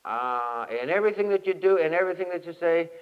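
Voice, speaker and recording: Man, folksy camp preacher, lively storyteller; old dull tape, long hall reverb. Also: fairly high pitch, fast talker, clear, resonant tone. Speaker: camp meeting speaker. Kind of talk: folksy sermon with humorous anecdote.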